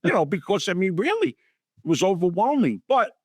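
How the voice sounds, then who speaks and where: Middle-aged New guy, raised pitch, bone-dry mic, lively raconteur doing voices for everyone he quotes. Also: a little fast, slightly rough, no echo. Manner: animated storyteller acting out quotes in voices. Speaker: guest. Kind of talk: storytelling interview.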